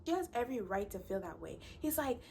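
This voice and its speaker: A woman's voice: mid-range voice, big pitch swings, quick pace, gravelly, noisy background. A woman giving a blunt, profane, exasperated recap of a reality show. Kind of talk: casual ranting recap.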